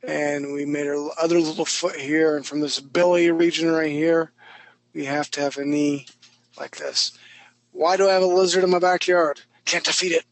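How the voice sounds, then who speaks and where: A man's voice: fairly high pitch, little pitch movement, moderate pace, low-quality recording. Chatty man teaching a drawing class. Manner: chatty, self-mocking, talks while drawing. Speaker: drawing instructor. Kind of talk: live online art class.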